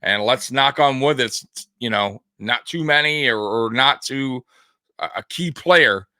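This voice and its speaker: A man hosting a sports video, talking casually over highlight clips in a rambling way with lots of fillers. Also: measured pace, pushed and bright, no echo, clean studio sound. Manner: rambling, many fillers and restarts.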